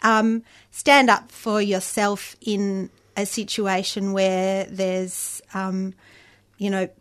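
A woman with a higher-pitched voice, a panel guest talking hesitantly with many pauses and restarts. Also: level tone. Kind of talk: casual discussion.

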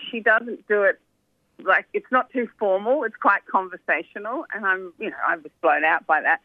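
A woman's voice: mid-range voice, dry recording. Woman on a tinny phone line. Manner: animated, quick asides with "you know". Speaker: documentary filmmaker, guest. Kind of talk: phone interview, chatty storytelling. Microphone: telephone.

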